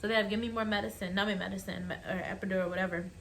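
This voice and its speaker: A woman's voice: mid-range voice, fairly even intonation, racing, fairly bright tone, a little hiss or hum. A young woman vlogging, telling a personal story in a chatty, emotional way and speaking straight to her viewers. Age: young adult. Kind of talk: casual storytelling to camera.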